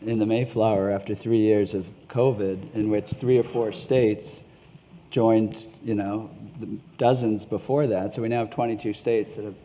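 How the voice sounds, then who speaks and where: A man's voice: fairly low pitch, normal speed. A middle-aged man speaking on a conference panel in a hotel ballroom, telling stories with chuckles. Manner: animated storytelling with chuckles.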